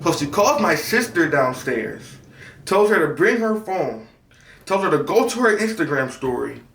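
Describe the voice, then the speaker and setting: Animated young man telling a story. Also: normal speed, roomy sound, far from the mic, a little hiss or hum. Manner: animated, voice jumping high in exasperation. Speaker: storytime vlogger. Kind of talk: casual storytelling.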